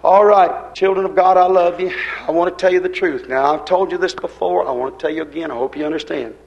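An older man preaching a sermon. He swings between loud, pushed lines and hushed, quiet ones. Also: sits high, quick pace, vocal fry, muffled recording. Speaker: pastor.

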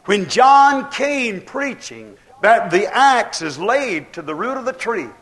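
A man with a high voice delivers a fervent sermon in a drawl. He drives his points home with rhetorical questions to the congregation and acts out the voices he quotes. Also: animated, slow, a bit bright. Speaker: preacher.

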